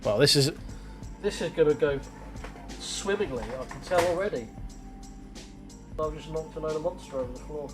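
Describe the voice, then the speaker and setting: A man on a live sim racing stream, muttering his way through menus and corners with casual swearing. His voice sits slightly high for a man. Faint music plays behind him. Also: expressive, normal speed, long pauses. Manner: rambling, self-talking, casual swearing. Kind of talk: live gameplay commentary.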